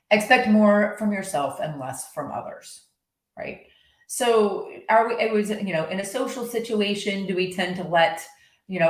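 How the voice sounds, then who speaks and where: A woman talks through coaching ideas in a loose, rambling way, restarting sentences as she goes. Her voice sits on the low side. The room around her is echoey. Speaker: horse-based coach. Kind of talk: casual monologue.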